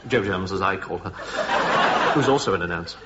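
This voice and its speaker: An actor playing a despairing male TV announcer, halting and self-pitying. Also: low-pitched, a loud crowd, lightly acted. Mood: mournful. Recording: dull, noisy TV recording.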